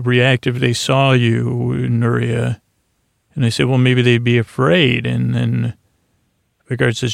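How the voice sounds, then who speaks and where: A man's voice: mid-range voice, gravelly, dry recording, clean studio sound. A man hosting a podcast, recapping an episode in a meandering, drowsy way, often losing his thread and loosely paraphrasing the dialogue. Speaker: podcast host. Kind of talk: rambling sleep-story recap.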